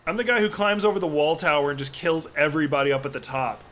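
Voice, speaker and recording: A man's voice: a little high, quick pace, a bit bright. A man livestreaming a game, giving casual, rambling commentary and swearing freely as he plays. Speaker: gaming livestreamer.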